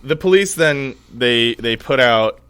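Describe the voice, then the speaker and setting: A man's voice: mid-range voice, lively intonation, slow pace, a bit bright, clear, resonant tone, no room sound. A young man co-hosting a podcast in casual chat, rambling with many fillers and laughing easily. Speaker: podcast co-host.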